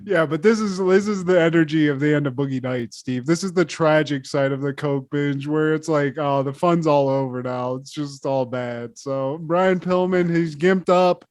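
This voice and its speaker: A man's voice: a little high, no room sound, studio quality. A man co-hosting a podcast, riffing in a casual, profane way and laughing often. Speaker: podcast co-host. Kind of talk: casual chat.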